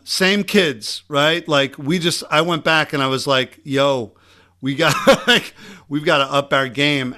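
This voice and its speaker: A man with a Long Island accent hosting a casual, energetic podcast conversation. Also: mid-range voice. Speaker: podcast host.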